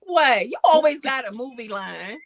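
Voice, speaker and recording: Animated high-voiced woman host. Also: normal speed, no room sound. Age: middle-aged. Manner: animated, loud exclamations and playful teasing. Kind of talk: casual chat.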